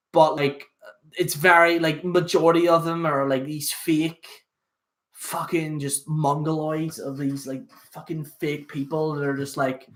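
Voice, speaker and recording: A young man chatting loosely to his stream audience. His voice sits a little high for a man, and he rambles on in casual, sweary talk full of fillers. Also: fairly bright tone. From Northern Ireland. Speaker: host. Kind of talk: casual solo livestream chat.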